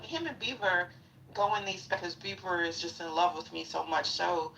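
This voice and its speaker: Middle-aged woman, deep voice, brash, profane, blunt, distant off-mic sound. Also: moderate pace, creaky, fairly bright tone, soft background music. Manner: confrontational when calling someone out. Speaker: speaker in a live audio chat room. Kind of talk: casual chat.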